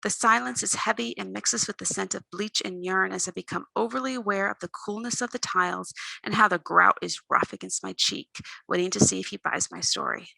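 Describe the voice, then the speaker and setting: Woman author, gravelly reading voice, very bright, expressive first-person narration. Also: mid-range voice, a little fast, hardly any pauses, no room sound, rough recording. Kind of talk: reading her own novel aloud.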